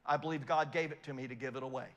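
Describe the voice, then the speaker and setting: A middle-aged man giving a motivational talk to an audience, an animated storyteller who keeps asking whether his points make sense. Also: medium pitch, rapid-fire, long reverb tail. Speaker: investment speaker.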